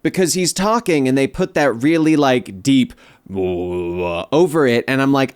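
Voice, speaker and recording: A man co-hosting a relaxed TV review talk, speaking in a smooth, resonant voice at an ordinary pitch. He weighs his opinions carefully and wryly, hedging every bit of praise. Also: unhurried. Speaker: podcast co-host. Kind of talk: casual chat reviewing a TV episode.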